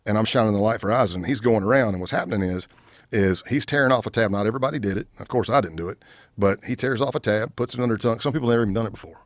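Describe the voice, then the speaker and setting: A man in his fifties, a retired undercover agent and podcast guest, telling a story in an animated way and acting out what the other people said. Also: lowish voice, rapid-fire, dry recording.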